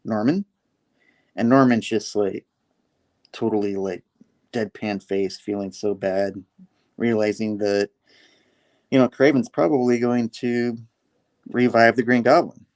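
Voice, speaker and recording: A man's voice: fairly low pitch, steady tone, a little slow, pauses often, darkish tone. A man recapping a comic issue in a casual, rambling way, full of fillers and quoted lines. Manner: rambling, filler-heavy, quoting characters. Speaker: comic book reviewer.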